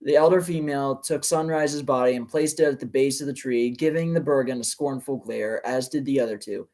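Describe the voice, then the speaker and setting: A man hosting a live reading of fan fiction, narrating and breaking in with loud, excitable exclamations. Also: mid-range voice, a little fast. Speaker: channel host, reader.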